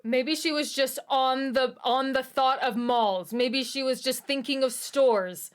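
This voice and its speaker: A woman's voice: high-pitched, unhurried. A woman hosting a reaction video, chatting casually and reacting with amused comments. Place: at home in Utah.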